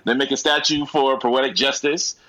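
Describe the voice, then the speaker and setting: A man's voice: mid-range voice, fairly even intonation, moderate pace, pushed and bright, poor audio. A man co-hosting a casual comedy podcast, joking in slangy talk and laughing often. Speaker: podcast co-host.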